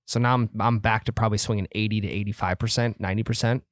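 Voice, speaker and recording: A man co-hosting a casual golf podcast, animated and swearing freely as he tells stories. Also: on the low side, fast, dry recording, clean studio sound. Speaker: podcast co-host.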